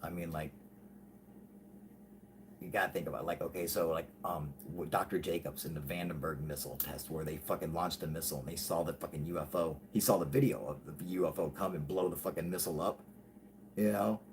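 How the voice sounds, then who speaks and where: A man hosting a live stream, chatting casually and rambling with lots of swearing, saying he is high. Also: steady tone, fairly quick, slight background noise. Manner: profane, rambling, laughing often. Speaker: host.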